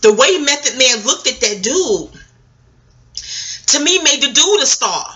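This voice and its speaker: Here the same kind of New York vlogger, a middle-aged woman, sounds high-pitched and a little slow, and the audio is dull. She spins a profane, digressive story for her viewers in an animated, casual monologue and addresses them as "y'all."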